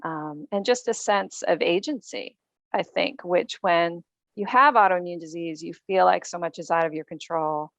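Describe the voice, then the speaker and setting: A woman's voice: fairly low pitch, moderate pace, creaky, a bit bright, dry recording. A woman guest author in a podcast interview, explaining earnestly with frequent ums.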